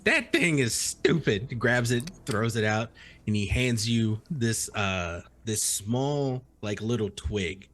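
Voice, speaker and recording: A man at a tabletop game, describing his character's magic with playful energy. His pitch jumps around a lot as he talks. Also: expressive, takes it slowly, fairly bright tone. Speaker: player.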